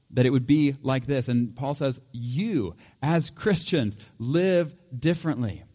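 A man's voice: medium pitch, dark tone, long reverb tail. A male pastor preaching a conversational sermon, easygoing and chuckling often, with homely examples. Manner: conversational, laughs often, uses everyday examples.

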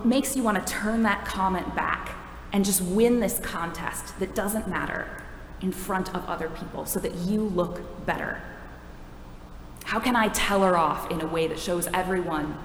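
A woman's voice: lowish voice, slight background noise. Wry woman preaching in an echoey hall. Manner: conversational, wry, self-deprecating. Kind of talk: sermon.

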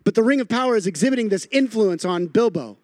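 A man's voice: high-pitched, animated, fast, darkish tone, no room sound, studio quality. A man preaching a sermon as a pastor, telling a story with animation and repeating phrases for emphasis.

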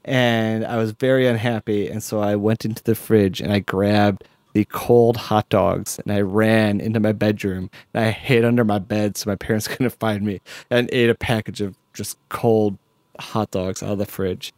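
A man's voice: fairly low pitch, normal speed, no room sound. Chatty laughing male podcast host. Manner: animated, laughs often, many fillers and restarts. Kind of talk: casual chat.

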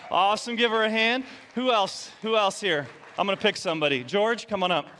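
Energetic male preacher, higher pitch, playful sermon delivery. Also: a little fast, background noise. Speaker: pastor. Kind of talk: sermon with audience game.

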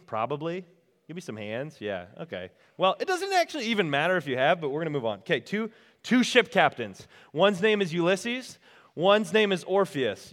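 A man's voice: fairly high pitch, fairly bright tone, big-room sound. A man giving a casual, storytelling sermon at a retreat, talking straight to the crowd. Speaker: retreat speaker. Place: retreat meeting room.

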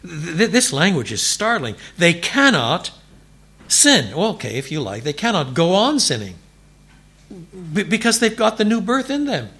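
A man preaching a sermon in a church, animated and building to emphatic declarations. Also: sits high, moderate pace, vocal fry, husky. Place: church before a congregation.

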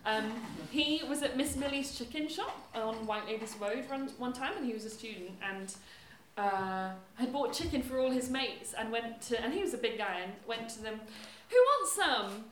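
A woman's voice: on the high side, moderate pace. A woman hosting a live storytelling event, chatty, playful and self-deprecating. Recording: echoey room with audience and background noise.

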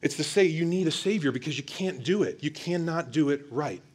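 A male pastor preaching an energetic sermon, talking straight to the congregation and pressing his points hard. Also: fairly high pitch, brisk. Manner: energetic, emphatic preaching with direct address to the congregation.

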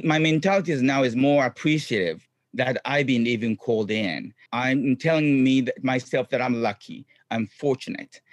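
A middle-aged man, a guest chatting in an interview in upbeat, halting English full of ums. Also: medium pitch, no room sound. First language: Japanese. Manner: upbeat, frequent ums, non-native phrasing. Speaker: guest, clown comedian and actor. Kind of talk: casual interview chat.

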